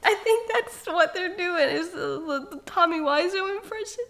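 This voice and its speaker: A woman's voice: extremely high pitch, moderate pace, fairly bright tone. A woman hosting a casual podcast, bantering, laughing often and swearing freely. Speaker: podcast host.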